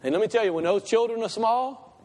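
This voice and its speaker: A man preaching a sermon as pastor, swinging from loud emphatic peaks to quiet asides. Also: sits high, fairly quick. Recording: long hall reverb.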